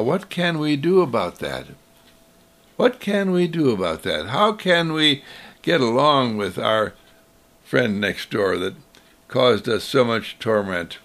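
Gravelly man telling a parable. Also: medium pitch, fairly bright tone. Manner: storytelling, acting out voices. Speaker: speaker. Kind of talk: sermon-like talk.

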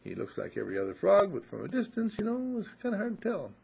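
A man's voice: high-pitched, wildly swooping pitch, quick pace, vocal fry, a little mellow, breathy edge, pitched above the performer's own voice, full character voice. A man voicing a mother frog who coolly claims not to know her own son. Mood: dismissive. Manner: dismissive, offhand. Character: mother frog, dismissive, cool.

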